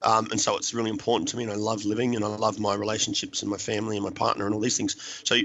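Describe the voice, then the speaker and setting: Guest spot: middle-aged man, gravelly edge, sharp bright tone, earnest and halting. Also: lowish voice, completely flat delivery, dull audio, slight background noise. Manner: earnest, halting, repeats words while searching. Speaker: podcast guest. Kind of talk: personal recovery story.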